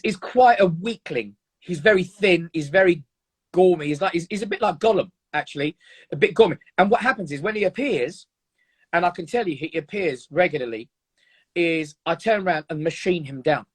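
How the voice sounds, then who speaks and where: A man's voice: high-pitched, husky. A man speaking as a guest in an earnest, emphatic, motivational chat, often repeating words for force.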